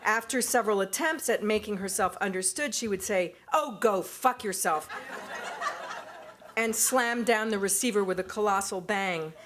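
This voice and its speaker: A woman reading aloud from her own memoir at a university event, with a wry, amused delivery. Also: mid-range voice.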